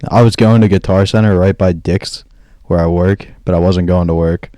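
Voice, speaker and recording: A man's voice: low voice, fairly even intonation, normal speed, mellow, dry recording. A man in casual podcast chat, telling a long rambling story and acting out what everyone said. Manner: rambling storyteller who acts out quoted dialogue.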